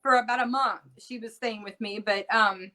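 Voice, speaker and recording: A middle-aged woman talks with earnest feeling as an interview guest, her voice sitting a little higher than most. She stops and restarts often, repeating words as she goes. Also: fairly even intonation, moderate pace, bright, forceful tone, poor audio. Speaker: interview guest, bereaved mother. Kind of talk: casual interview talk.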